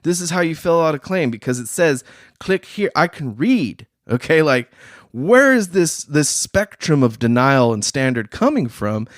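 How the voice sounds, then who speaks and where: A man hosting a casual talk show, talking in slang and acting out other people in quick voices. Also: a little high, very animated, dry recording, clean studio sound. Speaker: podcast host. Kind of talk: casual chat.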